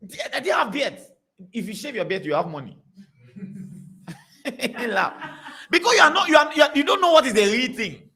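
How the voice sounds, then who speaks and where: A man preaching to a congregation, telling stories in an animated, repetitive way. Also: very high-pitched, normal speed. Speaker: pastor.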